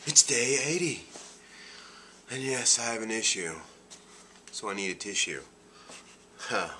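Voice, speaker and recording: A man's voice: on the low side, expressive, unhurried, bright, forceful tone, a little hiss or hum. A man talking casually in a video diary, a bit nasal from allergies, chatty and upbeat. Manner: chatty, upbeat, laughs often. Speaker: vlogger.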